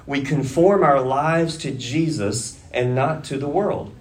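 A man preaching a sermon to a congregation, deliberate and measured, rising to emphatic urging at key points. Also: mid-range voice. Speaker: pastor.

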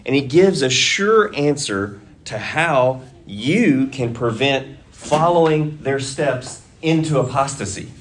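A man preaching a sermon at an unhurried, deliberate pace, his voice sitting at an ordinary middle pitch. He lays out his points carefully and leans hard into repeated admonitions when he presses them home. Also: lively intonation, a little hiss or hum. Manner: slow, deliberate preaching that rises to emphatic urging. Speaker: pastor.

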